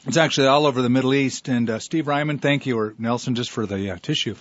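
A man's voice: mid-range voice, fast talker, dry recording. A man who is a pastor, chatting and teasing on a radio show. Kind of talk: casual radio chat. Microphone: studio microphone. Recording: dull lo-fi radio studio.

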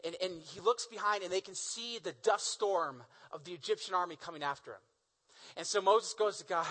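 A man preaching a sermon, retelling the stories in animated, casual language full of slang. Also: high-pitched, fairly quick, poor audio. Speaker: pastor.

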